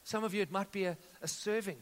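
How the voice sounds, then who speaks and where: A man preaching a sermon as pastor, energetic, calling out to the congregation and telling stories. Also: high-pitched, fast talker. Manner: energetic preaching with audience call-outs and storytelling. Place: church auditorium. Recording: long reverb of a church hall.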